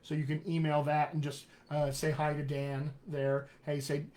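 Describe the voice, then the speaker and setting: With a fairly high, monotone, warm voice, a General American-accented dialect coach leads a chatty, upbeat live-streamed session. He spells web addresses out slowly.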